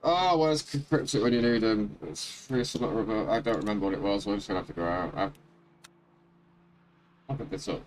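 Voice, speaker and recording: A man casually live-streaming a sim race. He chats and rambles, greets viewers by name and thinks out loud about his car setup. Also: lowish voice, brisk, a little hiss or hum. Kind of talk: casual live-stream chat while racing. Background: loud music.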